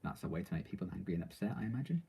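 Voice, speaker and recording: A man's voice: low-pitched, big pitch swings, racing, gravelly, warm tone, slightly rough. A man reading out viewer questions and answering them in casual, rambling live-stream chat, full of ums and likes.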